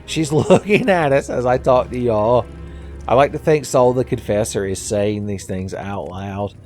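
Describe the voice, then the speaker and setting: Wry, sarcastic gaming host. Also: male voice, mid-range voice, unhurried, darkish tone, soft background music. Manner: wry, sarcastic and profane, often laughing. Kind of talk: casual let's-play commentary.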